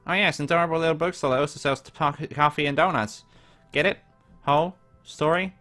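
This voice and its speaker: A man's voice: fairly high pitch, steady tone, brisk, sharp tone, faint music behind, pitched above the performer's own voice. A man voicing a cheerful, bubbly young woman coworker with a nasal voice.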